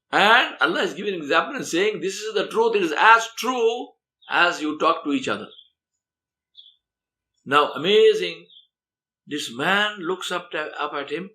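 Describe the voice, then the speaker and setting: Male lecturer, sermon storytelling, bright tone, slightly high voice. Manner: earnest narration with rapid Arabic recitation. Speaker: Islamic lecturer.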